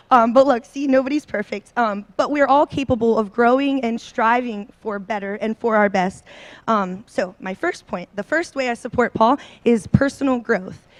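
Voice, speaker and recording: A woman's voice: fairly high pitch, unhurried, dry recording. A woman in her thirties speaking to a seminar audience on a handheld mic, bubbly and a little nervous, full of ums and likes. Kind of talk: personal talk to an audience. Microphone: handheld microphone.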